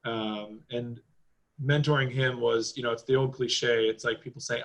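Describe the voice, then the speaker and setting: A man's voice: mid-range voice, fairly even intonation, normal speed, a bit bright, poor audio. A man on a podcast as a guest, chatting casually in a rambling way, with lots of fillers and loose swearing. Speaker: podcast guest, driving school owner.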